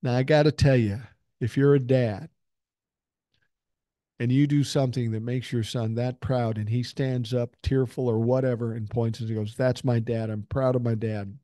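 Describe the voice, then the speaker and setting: A man's voice: medium pitch, fairly even intonation, moderate pace, warm tone, dry recording, studio quality. A man in his sixties from Minnesota hosting a podcast, reading out listener emails and news, then commenting bluntly with plenty of swearing. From Minnesota, USA. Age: 60s. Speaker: podcast host. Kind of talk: casual political commentary.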